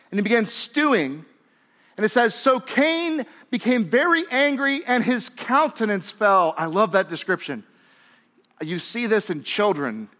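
A male pastor preaching a sermon in a conversational way, dropping to a hush and then rising to emphatic lines, and acting out biblical characters in casual speech. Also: extremely high pitch. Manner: conversational, swings between hushed and emphatic.

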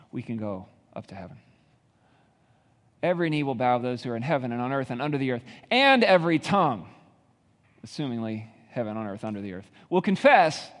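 Preaching man in a reverberant hall. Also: mid-range voice. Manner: builds to rising intensity, rhetorical questions. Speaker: pastor. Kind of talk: sermon.

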